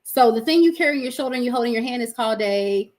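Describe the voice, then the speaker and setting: A woman's voice: on the high side, expressive, very fast. A woman with a Southern US accent hosting a podcast in casual chat, folksy and self-mocking, laughing often. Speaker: podcast host.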